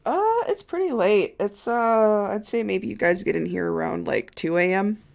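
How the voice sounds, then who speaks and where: A game master narrating a tabletop game in a relaxed, filler-heavy way. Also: mid-range voice, normal speed, creaky.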